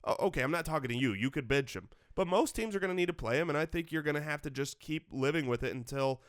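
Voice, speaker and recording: A man's voice: fairly high pitch, fast talker, clear, resonant tone, no room sound, clean studio sound. A man co-hosting a sports podcast, giving earnest advice with plenty of stammered restarts. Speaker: podcast co-host. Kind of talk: casual sports chat.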